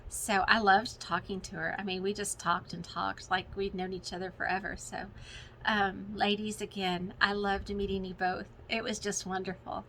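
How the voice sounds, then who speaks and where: A middle-aged woman chatting excitedly to her viewers at home, gushing, with many fillers. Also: mid-range voice, moderate pace, slight background noise, rough recording. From Texas. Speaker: cross-stitch vlogger. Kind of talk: casual chat to viewers. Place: home, with children and TV in the background.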